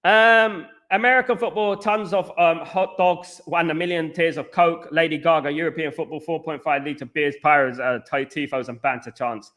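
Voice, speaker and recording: A man on a live fan stream, sounding off about his club and reading out viewers' comments. His voice is bright and forceful and sits a little high for a man. He rants with strong opinions and circles back to repeat his points. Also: steady tone, moderate pace, hardly any pauses. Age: adult. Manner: ranting, repeats himself, opinionated. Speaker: football fan channel host.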